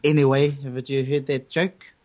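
A man's voice: medium pitch, level tone, moderate pace, darkish tone. A Māori-speaking man hosting a casual podcast, rambling and joking. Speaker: podcast host.

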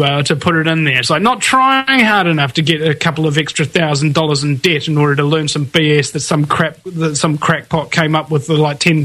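A man's voice: high voice, sharp tone. A man hosting a radio talk show, ranting emphatically and laughing often.

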